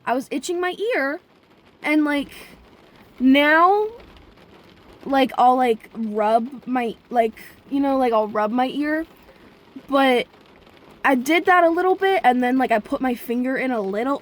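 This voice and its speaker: Chatty young woman with a high voice. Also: measured pace, pauses often. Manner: rambling, chatty, with sudden profane outbursts; talks straight to her viewers. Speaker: vlogger. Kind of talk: casual storytelling vlog.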